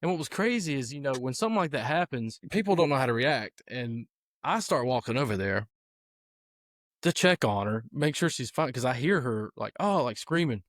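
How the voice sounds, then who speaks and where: A man's voice: medium pitch, animated, moderate pace, dry recording, clean studio sound. A man, a football coach hosting a podcast, telling stories in a casual, rambling way with many fillers. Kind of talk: casual storytelling chat.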